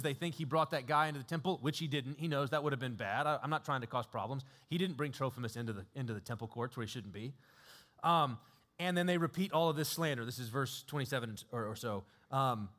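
A man delivering a sermon in a high-ish voice that sounds casual and conversational. He tells the story with frequent chuckles and hesitations. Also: a bit bright. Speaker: preacher.

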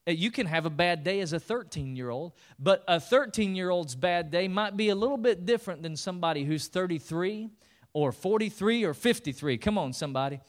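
A man's voice: sits high, expressive, brisk. A man preaching a sermon in a conversational way, now and then rising to emphatic bursts. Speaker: pastor.

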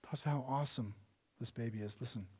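A male pastor preaches a sermon with earnest passion, swinging from loud emphasis to hushed, almost whispered lines. His voice is mid-range and fairly quick, with a breathy edge.

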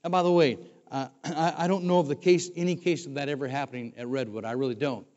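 An older man, once a pastor, preaches a sermon in a church sanctuary, talking conversationally and frequently restarting his words. His voice sits on the high side, steady and a little mellow, and he talks fast. The recording is dull, with long hall reverb.

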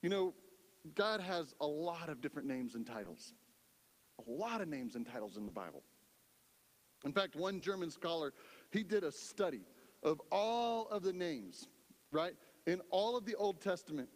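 A man's voice: high voice, in a large hall. A male pastor preaching a sermon in a conversational style, often checking in with the congregation. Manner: conversational preaching, lots of "right?".

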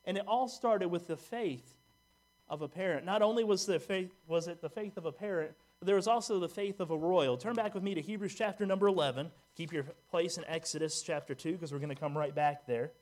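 A man's voice: sits high, a little fast, darkish tone. A man preaching a sermon in a church, reading scripture aloud and talking to the congregation in a conversational way, asking them questions and making joking asides. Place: church sanctuary.

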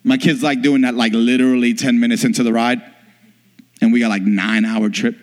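Man, pastor, emphatic sermon, rhetorical questions, medium pitch, long reverb. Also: flat delivery, a little fast.

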